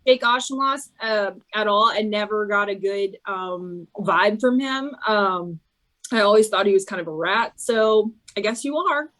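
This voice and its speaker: Female podcast co-host, medium pitch, casual, bluntly dismissive. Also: a little slow, fairly bright tone, rough recording. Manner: blunt and scornful. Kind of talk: casual political chat.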